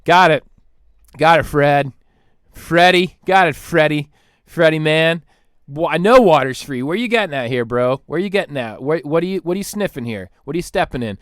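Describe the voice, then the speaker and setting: A man putting on a loud, slangy bro of a sidekick, brushing off his friend's idea, recorded dry and close. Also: fairly high pitch, lively intonation, normal speed, no echo. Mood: skeptical bro. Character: laid-back male bro sidekick, skeptical.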